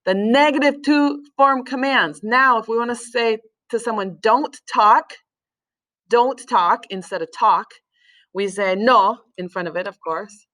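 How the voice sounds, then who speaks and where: A woman Spanish teacher explaining grammar patiently, with fillers and pauses. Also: on the high side, fairly bright tone. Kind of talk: recorded classroom lesson.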